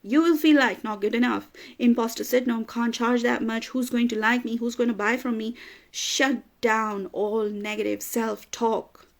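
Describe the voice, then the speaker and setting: A woman's voice: a little high, steady tone, moderate pace, vocal fry. A woman business coach giving an emphatic motivational talk, repeating phrases for emphasis and getting emotional at times. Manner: gets emotional, laughs through tears.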